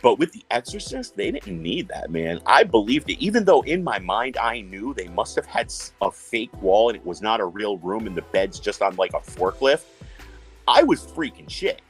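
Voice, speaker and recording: A man's voice: lowish voice, very animated, normal speed, slightly rough, faint music behind, rough recording. A man from New York hosting a casual chat, telling stories animatedly, swearing and acting out quotes. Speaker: host.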